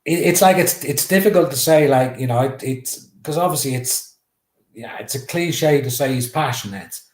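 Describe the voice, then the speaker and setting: English man guest, animated yarn-spinner, roomy echo on the voice. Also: mid-range voice, moderate pace. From England. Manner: animated, swears freely, acts out teammates' shouts. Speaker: guest author. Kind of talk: storytelling anecdote.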